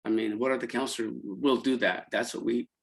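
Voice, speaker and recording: A middle-aged man talks through his memories as an interview guest, stopping and restarting often. His voice is mid-pitched, and it jumps up when he quotes the students. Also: fairly even intonation, vocal fry, rough recording. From Central California. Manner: halting, many restarts and fillers, voice rising when quoting students. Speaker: interview guest, college program founder. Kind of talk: emotional conversational storytelling.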